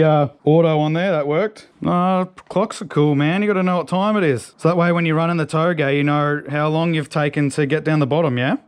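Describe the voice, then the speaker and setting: A man, chatting casually as he works on a car in a garage, slangy and excitable. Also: on the high side. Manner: excitable, slangy, talks to his dog. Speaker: car restoration vlogger.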